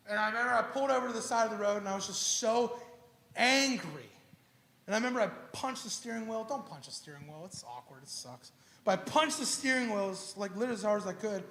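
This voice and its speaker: A man preaching a sermon, telling a personal story in an animated, casual way full of slang and acted-out dialogue. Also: sits high. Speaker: pastor. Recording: echoey church hall.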